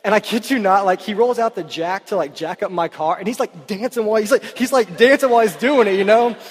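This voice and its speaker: A man preaching a sermon, telling stories in a chatty, animated way full of "like" fillers, in a church hall. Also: high-pitched, quick pace, slightly rough. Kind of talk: sermon storytelling. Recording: reverberant hall.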